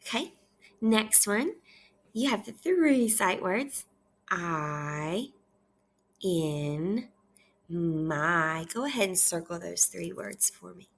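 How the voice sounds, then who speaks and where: Woman, kindergarten teacher, very slow pace, gravelly edge, patient repeat-after-me reading. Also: mid-range voice, expressive. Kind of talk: slow read-aloud lesson for young children. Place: home kitchen.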